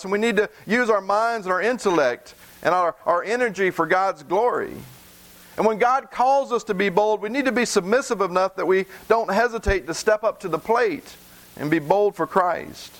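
A man's voice: on the high side, a bit bright. A middle-aged man preaching a sermon in an earnest way, often repeating words as he starts a phrase.

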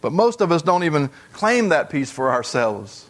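A pastor delivering a sermon to his congregation in church, earnest and repetitive, with long drawn-out pauses. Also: on the high side, very animated, a bit bright.

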